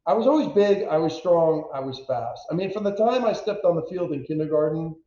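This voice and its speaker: 50s guy, animated storyteller, pokes fun at himself, echoey muffled audio. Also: a little high, brisk. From United States. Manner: animated, self-deprecating, acts out quotes. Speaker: guest, former pro football player. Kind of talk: candid storytelling interview.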